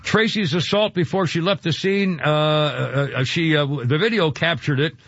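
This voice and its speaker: A man's voice: on the high side, moderate pace, a bit bright, no echo. A man hosting a talk radio show, ranting indignantly and rambling with many fillers, heard over a dull lo-fi broadcast.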